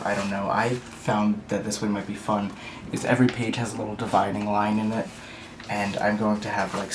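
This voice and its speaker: A man's voice: fairly low pitch, roomy sound, noisy background. A man vlogging about learning languages, speaking carefully and a bit overpronounced while his mouth is sore after dental surgery. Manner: careful, slightly overpronounced speech. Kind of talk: casual talk to camera.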